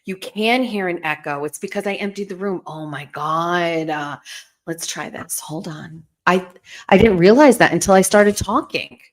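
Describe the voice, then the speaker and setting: A woman's voice: on the low side, moderate pace. A woman hosting a casual livestream, chatting playfully with viewers from a bare bedroom at home into a desk microphone. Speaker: livestream host.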